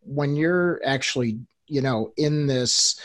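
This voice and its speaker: A man's voice: mid-range voice, slow, fairly bright tone. A man hosting a live webcast interview, asking long, winding questions. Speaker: host. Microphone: video call.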